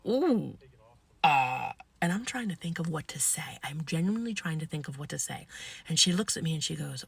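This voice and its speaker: A woman telling a funny story in an animated, crude, playful way. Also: low-pitched, moderate pace, gravelly, breathy edge. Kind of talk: casual comedic storytelling.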